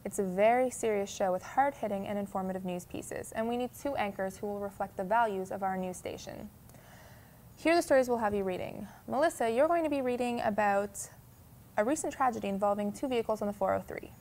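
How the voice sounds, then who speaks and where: A woman's voice: mid-range voice, a little fast, a little mellow. A woman playing a firm, businesslike audition judge in a comedy skit.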